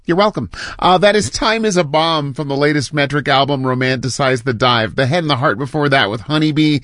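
A man's voice: on the high side, a little fast, a bit bright, dry recording. A man hosting a morning radio show alone in a studio, speaking in an earnest, heartfelt way between songs. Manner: repetitive "I love that" phrasing. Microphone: studio microphone.

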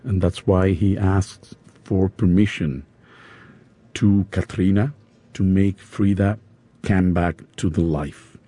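A man with a Spanish accent, an opera singer interviewed in English, his second language, pausing often to search for words. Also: deep voice, steady tone, dark tone, no room sound. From Spain. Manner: halting, searching for words with fillers.

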